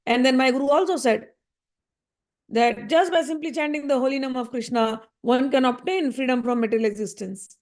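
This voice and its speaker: Woman, devotional scripture teacher; bright, high voice; chants verses slowly, then explains them simply.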